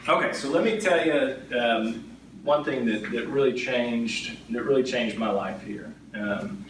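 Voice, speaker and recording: A man's voice: medium pitch, unhurried. Man telling stories in an echoey room. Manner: conversational, frequently adds "right?" tag questions. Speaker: insurance agent speaking as a guest. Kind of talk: storytelling talk to an audience. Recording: echoey room, distant mic, background noise.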